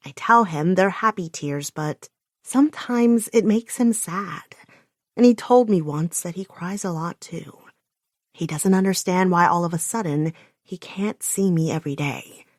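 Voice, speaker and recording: A woman narrating a first-person audiobook with intense, emotional delivery and sharp outbursts. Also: fairly low pitch, unhurried, no room sound, clean studio sound.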